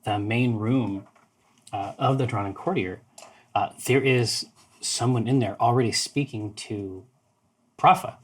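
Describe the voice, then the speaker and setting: A man's voice: medium pitch, unhurried, husky, rough recording. A man running a tabletop game as game master, describing scenes in a hesitant way with many fillers.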